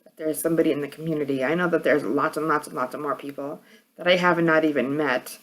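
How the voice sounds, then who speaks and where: A New York–accented woman vlogs in a casual chat, rambling along with plenty of fillers and restarts. Her voice is low, hard and edgy, steady in tone and fast.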